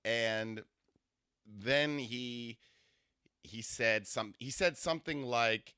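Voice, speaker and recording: A man's voice: medium pitch, takes it slowly, pauses often, clean tone, dry recording, studio quality. A man hosting a comedy podcast, telling a rambling story with lots of restarts. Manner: rambling, animated, full of fillers and restarts.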